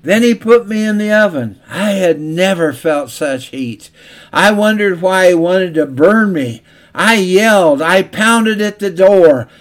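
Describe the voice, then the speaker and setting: A man's voice: sits high, lively intonation, unhurried. A man voicing a talking teacup that recalls its painful making, told in a plaintive storytelling way.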